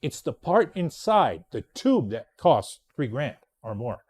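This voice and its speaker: A man's voice: mid-range voice, very animated, takes it slowly, darkish tone, breathy edge. A male podcast host telling a story in a casual, rambling monologue, blunt and swearing freely.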